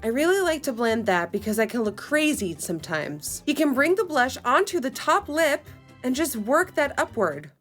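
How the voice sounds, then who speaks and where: Bubbly high-voiced woman vlogging makeup. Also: normal speed, soft background music. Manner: animated, exclaiming, reading steps aloud with running commentary. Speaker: beauty video host. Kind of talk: casual makeup challenge chat.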